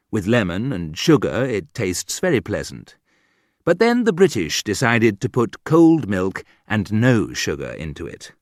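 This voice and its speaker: A man reading a humorous book aloud in a dry, wry manner, with sudden lifts in pitch. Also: darkish tone, no echo. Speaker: audiobook narrator. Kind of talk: scripted humorous narration.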